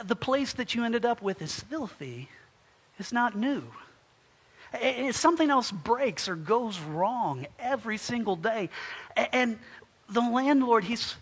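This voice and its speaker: A male pastor preaching a sermon and telling a story, swinging from loud and lively to soft and hushed, often restarting his words. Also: high voice, husky.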